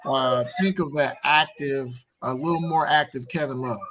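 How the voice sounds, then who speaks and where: A middle-aged man co-hosting a casual sports chat on a video call, emphatic and animated. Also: medium pitch, moderate pace, very noisy. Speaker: co-host.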